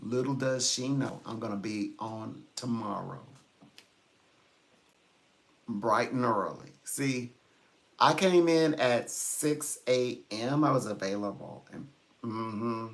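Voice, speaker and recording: A man's voice: medium pitch, slow pace, gravelly. A man working as a psychic reader, chatting casually on a livestream in a rambling way and chuckling often.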